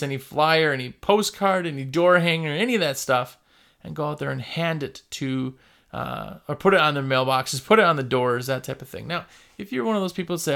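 Man, casual business-advice talker, jokey storyteller, bright slightly high voice. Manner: chatty, jokey storytelling with quoted customers. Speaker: window cleaning business owner giving advice.

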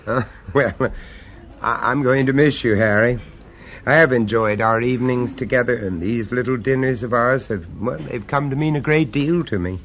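A man's voice: mid-range voice, moderate pace, a bit bright, lightly acted. A man narrating and acting in a radio drama, mild and polite, a little hesitant in dialogue.

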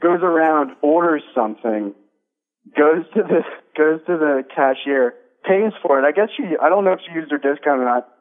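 A man calling in to a radio talk show, telling a story in a rambling, halting way with many fillers. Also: a little high, lively intonation. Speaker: caller. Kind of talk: casual storytelling on a call-in show. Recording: tinny phone line.

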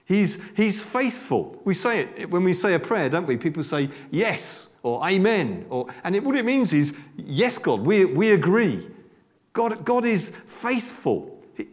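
A man's voice: high voice, very animated, unhurried. An older man preaching a sermon in a church, emphatic, with repeated words and asides. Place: church hall. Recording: long hall reverb.

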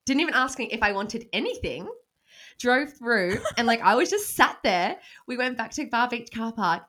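A woman in her twenties with an Australian accent, co-hosting a casual podcast and telling stories with lively quoted asides. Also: fairly high pitch, normal speed. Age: 20s. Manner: storytelling, swears freely, animated quoted asides. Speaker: podcast co-host. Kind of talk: casual chat.

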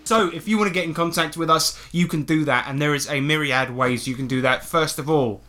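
A man's voice: on the high side, a little fast, sharp tone, soft background music. A man hosting a podcast, joking and sardonic in casual banter. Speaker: podcast host.

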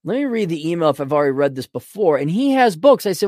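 A man's voice: a little high, very animated, quick pace, hardly any pauses, a little mellow, no room sound. Podcast host, male, middle-aged, American, rambling and sarcastic, dry close sound. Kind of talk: casual ranting monologue.

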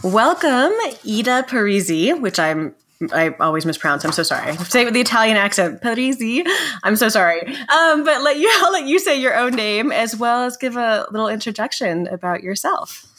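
A woman's voice: a little high, expressive, a little fast, fairly bright tone. A woman co-hosting a podcast and interviewing a guest, chatty, laughing often and correcting herself as she goes. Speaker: podcast co-host, attorney.

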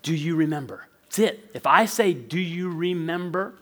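A man in his forties preaching a sermon as pastor, telling a childhood story in a lively way and laughing often. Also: a little high, moderate pace. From northwestern Pennsylvania.

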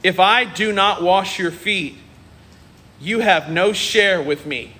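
A patient male teacher answers in a lowered, measured voice, as a preacher reads his lines. The tone stays calm and gentle, with a bright edge. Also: heavily acted.

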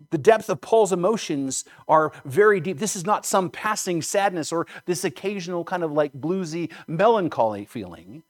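A man preaching a sermon, earnest and emphatic, repeating phrases for emphasis and checking in with "right?". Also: fairly high pitch. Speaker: pastor.

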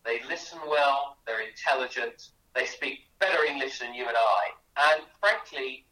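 A man's voice: mid-range voice, a little slow, sharp tone, roomy sound, distant mic, rough recording. A man, a guest author on a radio interview, telling chatty anecdotes with many restarts. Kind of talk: animated storytelling in a radio interview.

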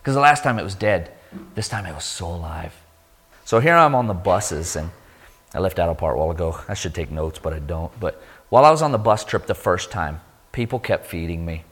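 A man shares a sermon testimony in an animated storytelling way, jumping up high when he acts out other people. His voice sits a little low, and the sound carries the long reverb of a large hall. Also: fairly quick, slightly rough.

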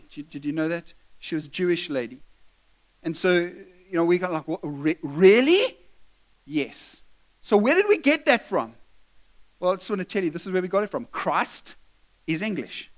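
A man pastor giving a conversational sermon, putting questions to the congregation. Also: high-pitched.

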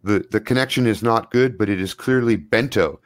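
A man narrating a tabletop role-playing game as game master, in a relaxed, loose way with plenty of fillers. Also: on the low side, a little fast, no room sound, clean studio sound.

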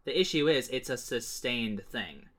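Animated bright-voiced man chatting fast. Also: medium pitch. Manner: animated, quick bursts, full of "like" and restarts. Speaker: podcast co-host. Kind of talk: casual chat.

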